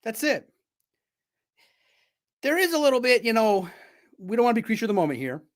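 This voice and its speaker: A man with a high voice hosts a live sports stream from his home studio. He talks in a loose, excitable ramble and chats straight to his viewers. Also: brisk.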